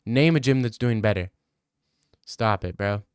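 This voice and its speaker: A man's voice: fairly low pitch, measured pace, clear, resonant tone, no room sound, clean studio sound. A young man, chatting casually on a live stream and answering his chat in a brash, joking way. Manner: brash, joking, swears a lot.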